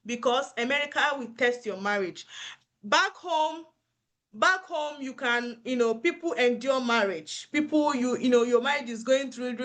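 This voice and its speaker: A woman with a fairly high voice speaks earnestly to fellow nurses. She encourages them and repeats her key points, like a mentor sharing hard-won advice. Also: moderate pace, a bit bright. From Africa. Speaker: nurse giving career advice. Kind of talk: motivational advice talk.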